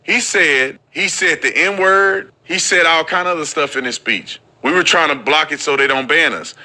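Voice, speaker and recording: A man's voice: on the high side, normal speed, bright, forceful tone. A man hosting a casual commentary show, often repeating words as he starts sentences. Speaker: host.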